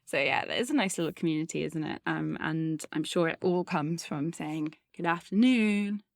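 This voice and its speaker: Giggly woman cohost, kinda low voice, laughs at her own stories, dry mic. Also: normal speed, creaky, no echo. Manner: giggly, self-deprecating, overthinks aloud. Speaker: podcast co-host. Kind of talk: casual chat.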